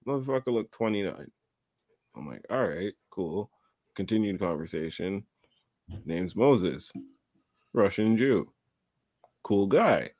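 Animated young man telling a story. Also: on the low side, takes it slowly, pauses often, no room sound. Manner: animated storyteller, acts out voices, laughs often. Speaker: podcast co-host. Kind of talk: casual chat, storytelling.

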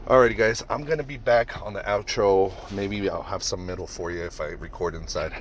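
A man's voice: deep voice, steady tone, brisk. A man doing a crude, rambling stand-up set, swearing a lot, laughing at his own jokes and a bit out of breath. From Mexican heritage. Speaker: stand-up comedian. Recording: echoey room, mic far off, loud noise.

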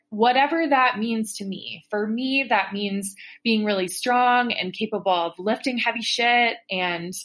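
A woman's voice: medium pitch, a bit bright. A woman from the United States leaves a sincere, reflective voice message. She speaks steadily and thoughtfully, with the odd "um" along the way. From Denver, USA. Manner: earnest, thoughtful, measured with fillers. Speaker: caller leaving a voice message. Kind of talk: earnest recorded voice message.

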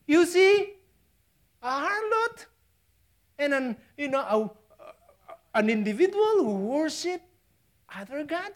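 A woman from the Philippines with a Filipino accent preaching a sermon, swinging from loud emphasis down to hushed near-whispers and chuckling at her own asides. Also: mid-range voice.

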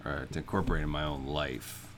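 A man's voice: a bass voice, steady tone, fast talker, fairly bright tone. A man co-hosting a podcast, spinning rambling absurd stories in casual comedic chat. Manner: rambling, absurd storytelling with fillers. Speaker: podcast co-host.

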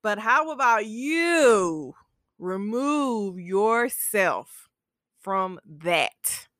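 A woman's voice: mid-range voice, big pitch swings, drawn-out words, fairly bright tone, dry recording, clean studio sound. A young woman hosting her own podcast, chatting playfully and then giving earnest, heartfelt advice. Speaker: podcast host. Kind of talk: casual storytelling talk.

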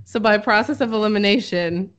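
A woman hosting a casual podcast, explaining an article she found in an easygoing, chatty way. She pauses on fillers as she reads from her notes. The recording is a bit dull and lo-fi. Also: mid-range voice, clean tone. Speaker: podcast host presenting research. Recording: dull lo-fi audio.

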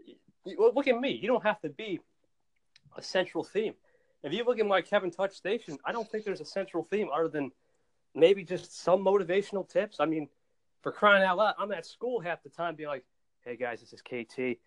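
A male podcast host in casual chat, telling stories in an excitable, animated way and often repeating words as he goes. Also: high-pitched, brisk.

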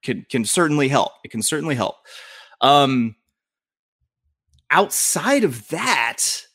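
A man's voice: fairly high pitch, slow, breathy edge. A man with a Southern accent from Louisiana, hosting a casual sports podcast and ranting with lots of swearing. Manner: profane, animated ranting. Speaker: podcast host.

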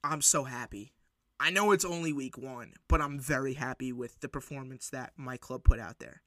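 A man hosting a solo sports podcast, recapping matches in an excitable, rambling way with lots of fillers and restarts. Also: medium pitch, normal speed, no room sound, clean studio sound. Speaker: podcast host.

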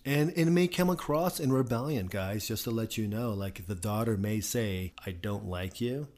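A man talks on a podcast in an emphatic, pastoral way, often repeating himself to drive a point home. His voice is on the low side. He speaks directly to the men listening. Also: normal speed, a little mellow. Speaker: podcast co-host, company founder. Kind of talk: casual podcast conversation.

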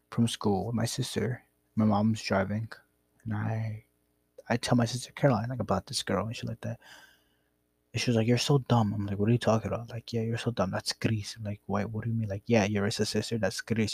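Gravelly, husky young man telling a story. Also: lowish voice, little pitch movement, a little fast, a little mellow, no echo. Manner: rambling, profane, laid-back. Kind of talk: casual storytelling.

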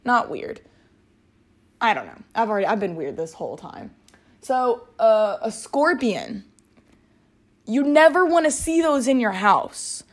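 A woman's voice: a little high, very animated, unhurried, long pauses. A woman hosting a casual solo podcast, rambling and giggling, with lots of filler words. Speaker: podcast host.

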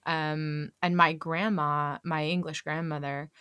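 A woman from California with an American accent, a voiceover artist chatting as a podcast guest, quick and animated with frequent restarts. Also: sits low, smooth, dry recording, studio quality. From California, USA. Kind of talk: casual podcast chat.

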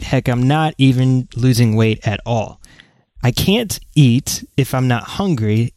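A man's voice: mid-range voice, darkish tone, no echo, clean studio sound. Man reading a letter plainly. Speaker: co-host reading listener letter. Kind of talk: reading a letter aloud, casual banter.

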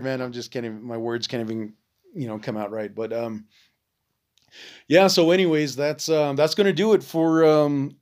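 Rambling casual man telling a story. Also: medium pitch. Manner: rambling, many fillers and restarts, swears freely; acts out quoted voices in lively bursts. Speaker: podcast host.

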